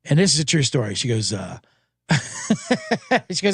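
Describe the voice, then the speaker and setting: A man hosting a sports betting show, talking casually and telling anecdotes with quick character voices. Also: mid-range voice, breathy edge, no echo, studio quality. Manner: animated storyteller, doing quick voices in anecdotes.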